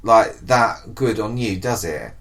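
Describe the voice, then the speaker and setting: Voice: mid-range voice, lively intonation, slow pace, fairly bright tone. Sardonic co-host, crude jokes. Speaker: podcast co-host. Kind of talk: casual gossip chat.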